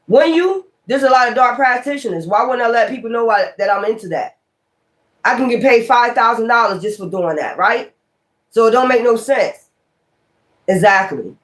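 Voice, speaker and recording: A woman's voice: fairly high pitch, expressive, normal speed. A woman giving a tarot reading in a blunt, profane, emphatic way. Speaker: tarot reader.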